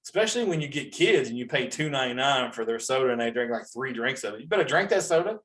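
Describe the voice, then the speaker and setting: Forties male comedy host, mid-pitched, animated exasperated rant full of restarts. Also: fast, slightly rough. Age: 40s.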